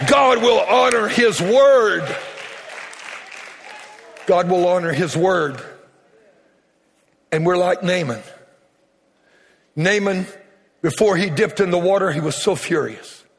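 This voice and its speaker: A high-pitched male preacher, telling a story dramatically. His sermon rings out with a long hall reverb, and he acts out the voices of the people in the story. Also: a little slow, long pauses, a faint crowd. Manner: dramatic storytelling, acting out quotes. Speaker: pastor.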